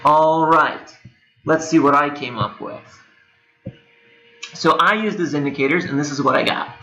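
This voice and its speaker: A man's voice: on the high side, a little slow, sharp tone. A young man teaching a recorded lecture, explaining things conversationally with playful asides. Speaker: instructor. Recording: echoey room with machine whirr.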